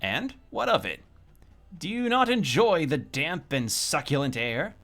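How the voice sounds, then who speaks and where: A man's voice: fairly high pitch, sing-song, measured pace, fairly bright tone, soft background music, pitched above the performer's own voice, full character voice. A man voicing a pompous male fungus shopkeeper in a video game, speaking in theatrical, old-fashioned phrasing and bellowing at the visitor. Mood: indignant.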